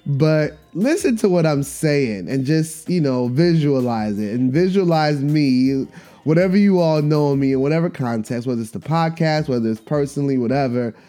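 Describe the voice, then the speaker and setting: Animated storytelling man, mellow tone. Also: on the high side, normal speed, faint music behind. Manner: animated, repetitive, slangy. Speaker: podcast host. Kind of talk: casual storytelling monologue.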